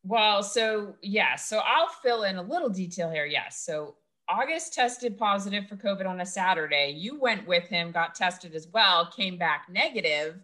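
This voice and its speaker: A woman co-hosting a podcast over a video call, with a bright, sharp tone. She keeps the talk moving, prompting her friend and filling in the details in an upbeat way. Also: mid-range voice, expressive, moderate pace, hardly any pauses. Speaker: podcast co-host.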